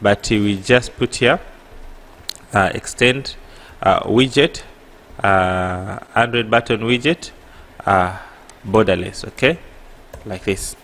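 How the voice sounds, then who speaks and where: A man with an East African accent teaching an app coding tutorial, halting and correcting himself, often pausing with a rhetorical "what?". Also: fairly low pitch, a bit bright. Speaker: programming tutor. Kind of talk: screen-recorded coding tutorial.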